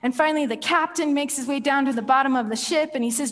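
Speaking fast with few pauses, a high-voiced woman preaches in a church hall. Her sermon story is playful, sprinkled with laughs and rhetorical questions, and a long reverb trails through the large hall.

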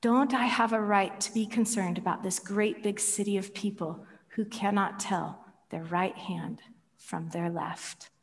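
A woman voicing a gentle, patient God in a sermon, asking soft, quiet, probing questions. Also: mid-range voice, steady tone, unhurried, close to an everyday voice. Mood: tender. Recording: long reverb of a large hall.

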